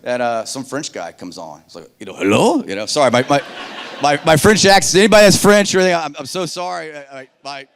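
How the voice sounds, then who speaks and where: Fast-talking man telling war stories. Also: fairly high pitch, slight background noise. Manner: animated, acts out dialogue in voices. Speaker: keynote speaker. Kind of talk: keynote storytelling. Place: conference stage.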